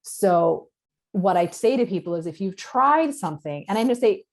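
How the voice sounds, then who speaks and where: A woman clinician explaining her approach in a podcast interview, earnest and direct, her voice going hoarse as she talks. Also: mid-range voice, animated, moderate pace. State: losing her voice. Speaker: concussion clinician guest.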